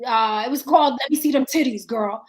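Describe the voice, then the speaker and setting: A woman's voice: a little high, a little fast. A woman filmmaker in casual chat, talking bluntly with lots of swearing and emphatic repetition.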